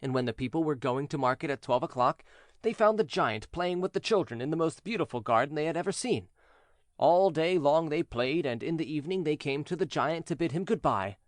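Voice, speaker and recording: A man narrating a fairy tale for English learners in a clear, measured, expressive way. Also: on the high side, no room sound, studio quality. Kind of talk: storybook reading for English learners.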